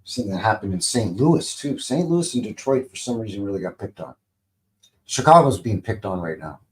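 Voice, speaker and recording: This is a man in his fifties with a lowish, expressive voice at a normal pace. As a channel host on a relaxed livestream, he meanders through commentary on old TV clips, full of fillers and joking asides.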